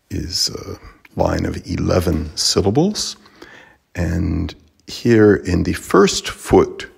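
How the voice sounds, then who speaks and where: A man teaching Latin pronunciation, slow and careful, pausing often with fillers. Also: low voice, vocal fry, slightly rough.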